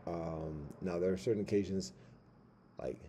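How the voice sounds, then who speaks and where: Low, dark-voiced man rambling. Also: steady tone, normal speed, a little hiss or hum. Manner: rambling, street slang, many fillers and restarts. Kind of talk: casual monologue. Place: at home by a window.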